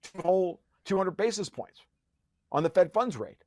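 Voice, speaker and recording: A man with a fairly high voice, ranting as a podcast guest in a profane, sarcastic way and often stumbling and restarting mid-sentence. The sound is dry and close, with no room echo. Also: expressive, moderate pace, darkish tone. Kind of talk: heated conversational rant.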